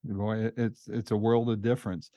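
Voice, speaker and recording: A man hosting an interview, asking his questions in a relaxed, measured way. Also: on the low side, dry recording, studio quality. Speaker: interviewer, show host. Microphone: remote interview over the internet.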